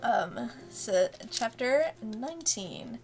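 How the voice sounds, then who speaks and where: A woman's voice: on the high side, animated, slow. A woman, a webcomic creator, giving a casual, rambling commentary and laughing often between thoughts. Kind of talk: casual director's commentary stream.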